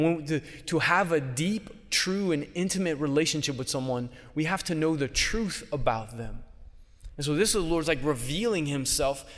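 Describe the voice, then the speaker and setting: A man's voice: fairly high pitch, fairly bright tone. Man preaching in a reverberant hall. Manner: conversational, voices biblical figures casually. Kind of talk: homily. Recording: long reverb of a large hall.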